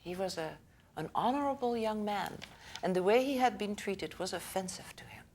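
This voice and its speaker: A woman's voice: medium pitch, animated, normal speed, darkish tone, slight background noise. A woman school director giving a lecture to parents in a conversational way, checking in with the audience, laughing often and acting out the people in her stories.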